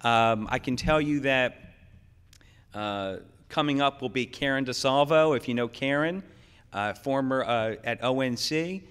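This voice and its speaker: A middle-aged man giving a conference keynote in a folksy, joking and energetic way. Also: mid-range voice, measured pace, smooth. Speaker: keynote speaker. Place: conference hall. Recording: long hall reverb.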